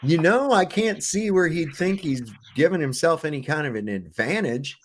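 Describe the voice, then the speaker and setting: A man's voice: fairly high pitch, expressive, moderate pace, a little hiss or hum. A man hosting a livestream, reacting to clips with profane, sarcastic commentary and rants. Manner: sarcastic, ranting. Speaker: livestream host.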